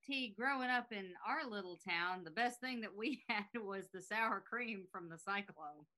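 A woman's voice: medium pitch, moderate pace, bright, forceful tone. A woman from South Carolina with a Southern accent, co-hosting a podcast in a blunt, joking, feisty way. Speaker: podcast co-host. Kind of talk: casual chat.

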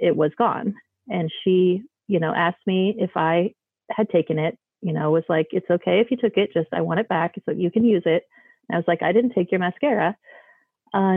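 A woman's voice: fairly low pitch, no room sound. Chatty woman on a tinny line. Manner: chatty, loose, lots of "like" and "um". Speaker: guest telling ghost stories. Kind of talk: casual storytelling. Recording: dry, tinny phone-like line.

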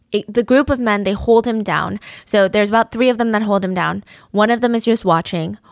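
Woman telling a dark true story. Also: mid-range voice, no echo, studio quality. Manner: conversational, vivid, drops to a whisper at times. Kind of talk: casual dramatic storytelling.

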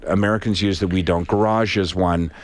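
A man's voice: low voice, steady tone, fairly quick. A man with a Canadian accent, co-hosting a radio show in easygoing, chatty talk. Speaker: radio co-host. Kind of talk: casual on-air chat.

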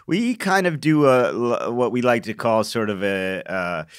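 A man's voice: mid-range voice, animated, a little slow, smooth, no room sound, clean studio sound. A man co-hosting a podcast, chatting casually and playfully about crossword clues, rambling with fillers. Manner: rambling, playful, breaks into goofy put-on voices. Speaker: podcast co-host.

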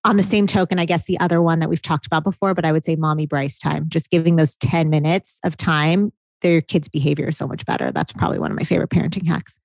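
A woman co-hosting a casual chat, an animated storyteller who laughs often. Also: low voice, fast talker, vocal fry, hardly any pauses, no room sound. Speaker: podcast co-host.

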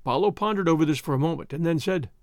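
A man narrating an adventure story aloud with expressive delivery. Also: on the high side, fast talker, dry recording. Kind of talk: storybook reading.

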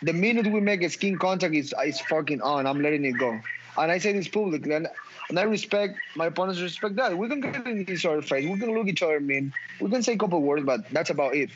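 Profane, emphatic fighter in a noisy post-fight interview. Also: male voice, fairly high pitch, lively intonation, quick pace. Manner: profane, emphatic, stumbles and repeats words. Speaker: mixed martial arts fighter. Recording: dull audio with clear background noise.

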